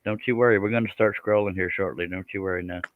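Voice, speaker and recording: A man's voice: low voice, steady tone, fast, narrow, tinny audio, noisy background. A man hosts a casual scroll saw livestream, folksy and self-deprecating, laughing often. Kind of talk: casual chat.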